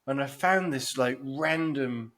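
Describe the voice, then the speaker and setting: A man's voice: mid-range voice, slow pace, a bit bright. A man, co-hosting a podcast, swearing freely and laughing through his stories in casual banter. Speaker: podcast co-host.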